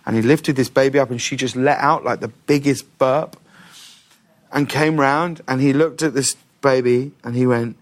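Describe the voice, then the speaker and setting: A middle-aged man, telling stories in a casual interview with an animated, laughing manner. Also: medium pitch, moderate pace. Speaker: talk show host, guest.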